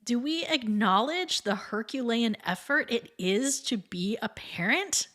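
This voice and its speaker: A woman hosts her podcast in a scripted, chatty monologue. Her fairly high voice rises and falls in wide, lively swings at an unhurried pace, with light laughs breaking in, and faint music sits underneath. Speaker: podcast host and piano teacher.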